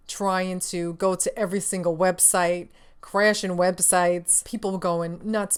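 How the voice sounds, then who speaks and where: A woman's voice: lowish voice, smooth. A young adult woman hosting a casual gaming news show, ranting in a sassy, profane, exasperated way and laughing often.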